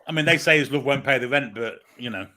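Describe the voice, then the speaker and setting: A man's voice: medium pitch, fast talker, bright, forceful tone. A man, co-hosting a casual live fan show and making wry quips. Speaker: co-host.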